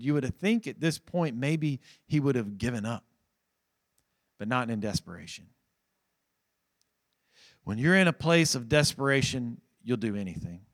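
A pastor preaching a sermon at a church service, moving from a hushed prayer to raised, pleading emphasis and repeating phrases to drive points home. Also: male voice, medium pitch, animated, measured pace, long pauses.

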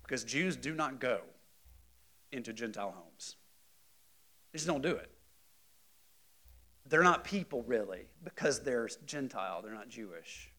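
A man teaching a Bible study class in a conversational, animated way, often checking in with the group and rising loud for emphasis. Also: mid-range voice, unhurried, pauses often.

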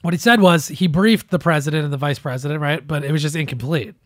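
Male podcast co-host, fairly high voice, dry close mic, animated and profane with mocking impressions. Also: fast talker, no echo. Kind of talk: casual political commentary.

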